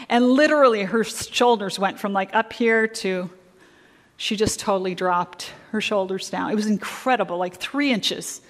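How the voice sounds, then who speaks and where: Woman, middle-aged, church workshop speaker, audience fill-in questions, slow emphasis, mid pitch, long hall reverb. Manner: slow, emphatic stress on key words. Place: church sanctuary.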